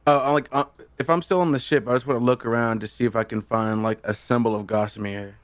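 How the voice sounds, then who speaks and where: A man rattles off jokes and questions during a tabletop game in a rambling, profane way. He talks very fast. His voice has a middle pitch. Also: fairly even intonation, dry recording. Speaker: player. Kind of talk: casual tabletop play.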